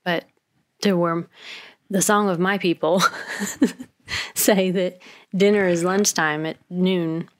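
A woman's voice: fairly low pitch, fairly even intonation, slow, pauses often. A woman with a mild Southern US accent, co-hosting a frank podcast chat and laughing often. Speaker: podcast co-host. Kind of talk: casual chat.

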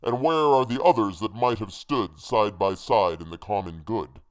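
A man voicing a sly, menacing male hangman, who speaks loud and slow, as if accusing. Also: on the low side, close to an everyday voice. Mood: mocking.

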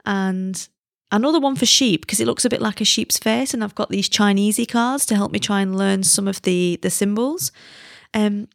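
A woman's voice: mid-range voice, normal speed, creaky, no echo, clean studio sound. A British woman hosting a podcast, chatting casually in a self-deprecating way and laughing at herself now and then. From Britain. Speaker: podcast host. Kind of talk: casual chat.

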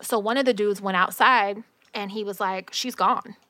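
A woman telling a story in casual chat, animated and slangy, swearing freely. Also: medium pitch, moderate pace, dry recording.

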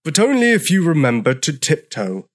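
A man's voice: medium pitch, sing-song, slow pace, a bit bright, exaggerated voice. A man voicing a grumpy old male triceratops who grumbles and snorts in a storybook reading. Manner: grumbling, gruff. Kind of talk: storybook character voice.

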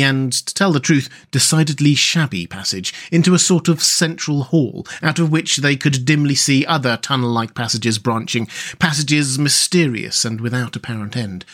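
A man hosting a story podcast and narrating a classic children's novel in a measured, gentle read-aloud manner. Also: medium pitch. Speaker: host and storyteller.

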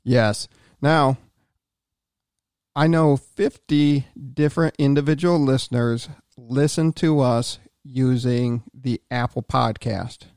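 Male podcast host, casual and rambling, mid-pitched, dry close recording. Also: fairly even intonation, slow, darkish tone, clean tone, dry recording. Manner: rambling, with fillers and restarts.

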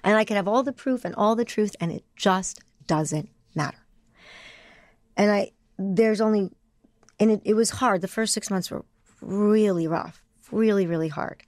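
A woman guest in a candid interview, talking in rapid, emotional bursts and often restarting her sentences. Her pitch sits in an ordinary middle range. The sound is dry and close, with no room in it. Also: darkish tone, no echo.

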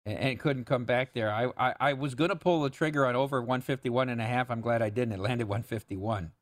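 Man, sports betting host, relaxed chat, mid-pitched voice, dry studio. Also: brisk, no echo. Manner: relaxed, conversational, occasional stammers.

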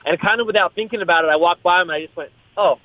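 Over a tinny, phone-like line with a bit of hiss or hum, a young fighter from the US West Coast talks in a high-pitched, rapid-fire voice. The interview is casual, and he rambles, repeats himself, and swears freely.

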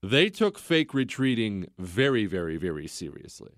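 A man's voice: lowish voice, sing-song, normal speed, a bit bright, dry recording, clean studio sound. A man hosting a podcast who tells history casually and conversationally, full of rhetorical questions. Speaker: podcast host.

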